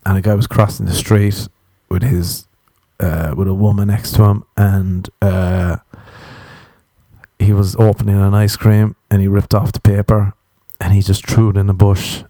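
A man's voice: fairly low pitch, flat delivery, unhurried, dark tone, dry recording, studio quality. A man doing a casual comedic rant, sarcastic and full of swearing, mocking people in put-on voices. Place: home during quarantine.

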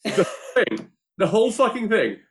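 A man's voice: high-pitched, sing-song, moderate pace. A young man co-hosting a casual podcast, telling a story with acted-out quotes, swearing and laughing as he goes. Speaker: podcast co-host. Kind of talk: casual chat recapping a show.

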